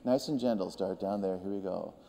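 A man leading a group through vocal warm-ups, talking gently and encouragingly and singing short demonstration notes. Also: sits low, fairly quick, gravelly. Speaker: vocal coach. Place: large hall with a group of singers. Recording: reverberant hall, faint room hum.

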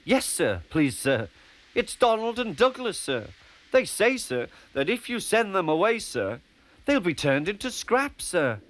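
A man's voice: mid-range voice, huge pitch swings, moderate pace, few pauses. A man voicing a timid little male tank engine who stammers and keeps saying sir. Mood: nervous.

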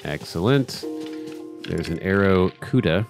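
A man's voice: fairly low pitch, animated, normal speed, long pauses, over music. A man hosting a let's play, chatting casually through his gameplay and talking to the game characters and his viewers.

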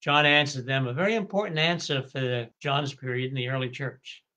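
A man, a priest, giving a slow, deliberate scripture study lecture, stretching key words and sometimes correcting himself mid-phrase. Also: medium pitch, bright, forceful tone, highs cut off. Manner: occasional stumbles and self-corrections.

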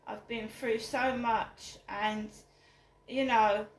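Middle-aged woman, fairly high voice, indignant, emphatic, repeats herself, echoey room. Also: steady tone, very slow. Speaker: vlogger. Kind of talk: angry personal vlog rant. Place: home flat.

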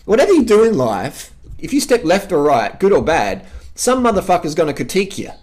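A man's voice: high-pitched, wildly swooping pitch, brisk, a little mellow. Profane ranting Australian man vlogging. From South Australia. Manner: profane, emphatic and repetitive. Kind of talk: unscripted rant to camera.

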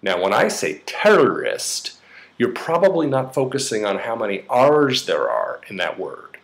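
A man's voice: mid-range voice, very animated, a little slow. A middle-aged man with a slight New York accent, explaining ideas in a casual lecture with frequent fillers and restarts. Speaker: psychotherapist teaching a course.

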